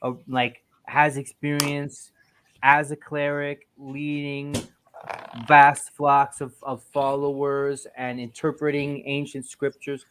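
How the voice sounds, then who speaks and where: A man's voice: medium pitch, slow, clear, resonant tone. Rambling male podcast host. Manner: rambling, animated, laughs often. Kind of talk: casual group chat.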